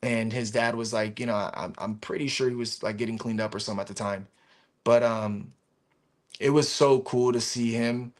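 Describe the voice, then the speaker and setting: A man hosting a casual stream, his voice sitting at an ordinary middle pitch. He tells animated, profane stories and acts out what people said. He sounds like he is on a video call. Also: moderate pace. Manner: animated storyteller, swears freely, acts out quotes. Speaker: stream host. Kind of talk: casual chat.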